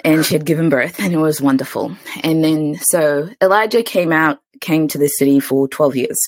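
A woman with an American accent hosting a podcast, chatting casually, laughing easily and telling stories in an animated way. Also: sits low, normal speed, no room sound. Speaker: podcast host. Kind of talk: casual chat.

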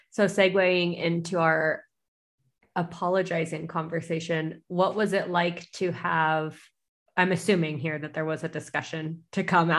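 A woman hosting a podcast, asking questions and chiming in with laughs. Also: lowish voice. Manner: upbeat, laughing interjections. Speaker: podcast host. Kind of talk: casual interview chat.

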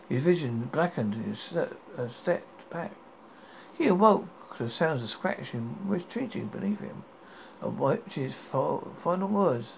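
A man hosting a horror podcast, reading a dark story aloud with stumbles and restarts. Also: fairly high pitch, animated, unhurried, gravelly. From United Kingdom. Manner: stumbling, self-correcting reading. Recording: dull lo-fi recording with faint hiss.

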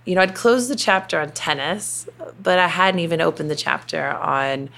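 A woman's voice: low voice, expressive, moderate pace, gravelly, a bit bright. A middle-aged woman from Kentucky with a Southern accent, telling her story in a chatty interview with many fillers. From Kentucky, USA. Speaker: interview guest, company president. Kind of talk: conversational interview.

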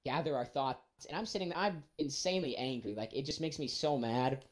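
A young man, casually telling a story and acting out every quote with big jumps in his voice. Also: fairly quick. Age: young adult. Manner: animated, acts out quotes with big pitch jumps.

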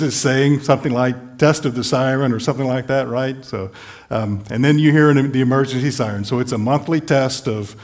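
A middle-aged male pastor giving a sermon in an easygoing, explanatory way, often restarting phrases. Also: medium pitch. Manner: conversational, explanatory, with light laughs and restarts.

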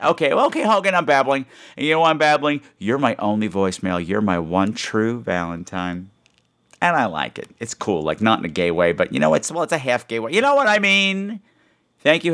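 Lively rambling male podcast host. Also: mid-range voice. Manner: rambling, self-mocking, jokey asides. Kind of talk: casual solo podcast chat, reading listener emails.

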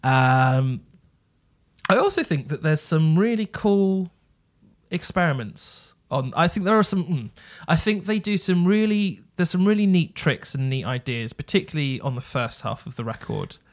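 A man's voice: fairly high pitch, lively intonation, normal speed. A man co-hosting a podcast, chatting casually and hesitantly, with frequent ums and restarts. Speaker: podcast co-host reviewing albums. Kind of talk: casual chat.

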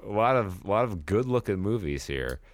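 A man's voice: lowish voice, big pitch swings, moderate pace, dry recording. A man co-hosting a podcast, joking around in casual banter and laughing often. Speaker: podcast co-host.

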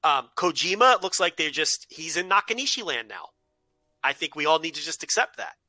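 A man with a very bright, forward voice talks through his argument step by step, steady and sure of his logic. The sound is dry and close, with no room around it. He carries the casual back-and-forth of a podcast co-host. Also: fairly high pitch, brisk, no echo. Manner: analytical, makes his case point by point. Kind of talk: casual chat.

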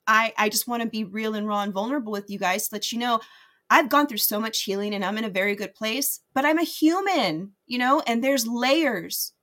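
A woman's voice: a little high, a bit bright. A woman in her thirties earnestly telling a personal faith story to her viewers, confiding and unpolished, with many fillers and restarts. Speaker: faith vlogger.

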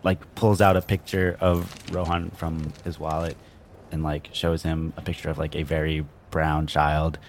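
A man player improvising in a tabletop game, drifting wryly between his character's lines and deadpan narration. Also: very deep voice, normal speed, slight background noise.

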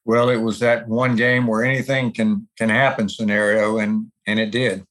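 A man's voice: fairly low pitch, flat delivery, normal speed, fairly bright tone. A man hosting an interview, asking conversational questions. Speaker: interviewer, host.

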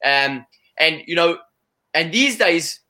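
A man's voice: a little high, lively intonation, slow, pushed and bright. A man being interviewed in a casual chat, talking with energy and saying "you know" a lot. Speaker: interview guest.

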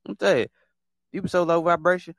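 A man's voice: on the high side, quick pace, dry recording. A man hosting a podcast, talking casually on his own, repeating himself a lot and acting out other people in exaggerated voices. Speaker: podcast host. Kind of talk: casual solo monologue.

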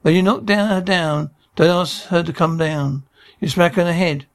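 Sitcom role: a man as a pushy male film director, gravelly and a bit high-pitched, barking blunt directions. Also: normal speed, natural voice. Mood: commanding. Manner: blunt, graphic stage directions. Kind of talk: sitcom acting.

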